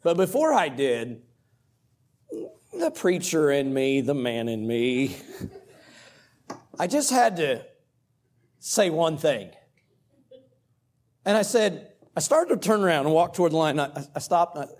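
A middle-aged man, a pastor and coach preaching a sermon through a personal story in a conversational, animated way. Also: a little high, slow pace, long pauses. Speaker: pastor and cross-country coach.

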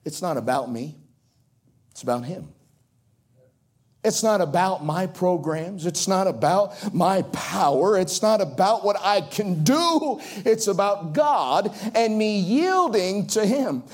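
A male preacher from coastal North Carolina with a Southern accent, delivering a sermon that swings from ringing highs to hushed drops. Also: expressive, slow. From Outer Banks of North Carolina.

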